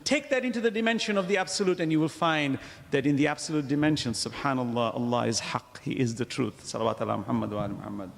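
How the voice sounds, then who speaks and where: A man giving a religious lecture to a congregation, asking rhetorical questions and pausing for emphasis. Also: a little high, long reverb tail. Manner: animated, wide-ranging delivery. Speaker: Islamic lecturer.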